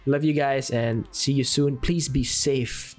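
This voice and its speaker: A man hosting a podcast, giving an earnest, encouraging faith talk with dramatic pauses. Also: mid-range voice, fairly even intonation, faint music behind. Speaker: podcast host.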